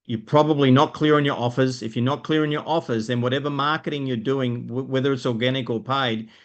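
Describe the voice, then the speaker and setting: A man with an Australian accent teaching business owners in a live stream, energetic and explanatory, often checking in with "right?". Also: medium pitch.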